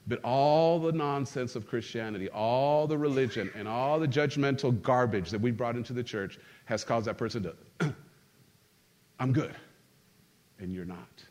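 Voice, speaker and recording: A middle-aged man preaching a sermon as pastor, animated and joking, calling out to his congregation. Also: medium pitch, normal speed. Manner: animated, humorous, calls on the congregation. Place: church sanctuary.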